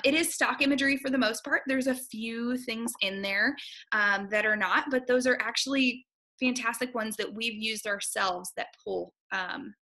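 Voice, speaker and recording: A woman who owns a gym, giving an excited, casual webinar walkthrough of coaching resources with frequent ums. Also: mid-range voice. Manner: excited, fast-talking, uses many ums. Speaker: gym owner and program coach.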